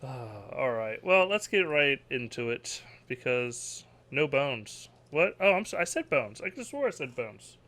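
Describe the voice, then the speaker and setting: A man's voice: mid-range voice, sing-song, measured pace, hardly any pauses, bright, forceful tone. Joking man hosting a podcast. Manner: laughs often, loose and joking. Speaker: podcast host. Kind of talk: casual chat.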